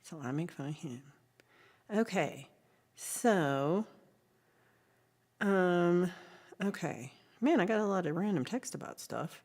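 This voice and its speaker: Low-voiced chatty woman livestreamer. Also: lively intonation, takes it slowly, pauses often, darkish tone. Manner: chatty, reads viewer messages aloud, frequent ums. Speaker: livestream host. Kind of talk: casual livestream chat.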